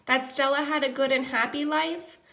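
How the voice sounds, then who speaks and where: A woman's voice: high-pitched, steady tone, moderate pace, a bit bright. A woman reading a children's novel aloud, first person, with casual asides between chapters. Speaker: audiobook reader.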